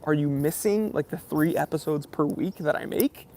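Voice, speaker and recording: A man hosting a casual live-stream Q&A, reading viewer comments and joking around in an animated way. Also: on the high side, normal speed, a little hiss or hum. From Los Angeles area. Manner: joking, animated, self-deprecating banter. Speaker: YouTube channel host doing a live stream Q&A.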